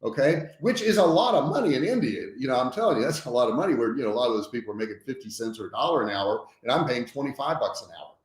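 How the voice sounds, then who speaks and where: A man giving casual business advice to his livestream viewers, talking frankly and with emphasis. His voice sits in a middle pitch. The sound is roomy and echoey, like a home office with bare walls. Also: big pitch swings, fast talker, hardly any pauses. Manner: frank and emphatic, often tags points with "okay?". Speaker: business trainer hosting a livestream.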